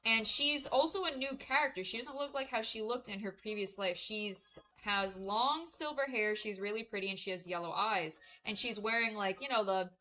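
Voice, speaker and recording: A young woman streamer chats while working on a craft, rambling through a story, swearing freely and laughing at her own telling. Her mid-range voice is bright and forceful, moving at a moderate pace with hardly any pauses, though the recording quality is low.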